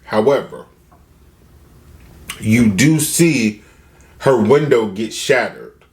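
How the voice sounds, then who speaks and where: Lively storytelling man, low voice. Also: slow. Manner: animated, acts out quotes with shifting voices. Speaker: mukbang vlogger. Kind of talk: casual storytelling.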